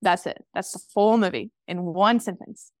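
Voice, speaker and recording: Speaking at normal speed in a medium pitch, a bubbly woman co-hosts a casual podcast chat by call and laughs frequently. Audio from her remote call mic is studio quality, without echo.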